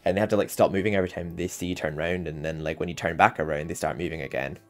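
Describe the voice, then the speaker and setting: A man's voice: sits low, steady tone, rapid-fire. A man commenting casually while playing through a video game, rambling and chatty. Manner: rambling, chatty, often laughing. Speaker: gaming channel host. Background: game music.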